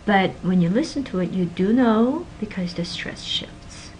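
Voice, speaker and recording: A woman teaching a linguistics class, stressing example words with energy and dropping into quiet asides. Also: mid-range voice, animated, unhurried, slight background noise, low-quality recording. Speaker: linguistics lecturer. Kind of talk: recorded classroom lecture.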